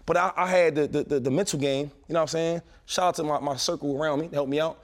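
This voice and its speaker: Fast-talking man in his thirties, animated storyteller. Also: a little high. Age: 30s. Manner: animated storytelling with slang and quick restarts. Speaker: former pro football player telling stories. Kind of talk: casual podcast chat.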